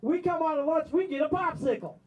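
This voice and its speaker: A man's voice: very high voice, brisk, highs cut off. A man worker giving a defiant rally speech, answering his own rhetorical questions. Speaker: striking warehouse worker.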